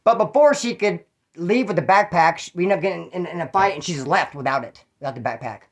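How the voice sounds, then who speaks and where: A man's voice: high voice, expressive, quick pace. A middle-aged man, telling his own stories in a rambling, slangy way and acting out the people he quotes. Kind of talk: casual storytelling monologue.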